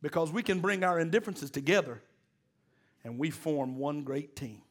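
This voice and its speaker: High-voiced preacher, folksy. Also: male voice, expressive, moderate pace. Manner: call-and-response exhorting, folksy and joking. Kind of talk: sermon.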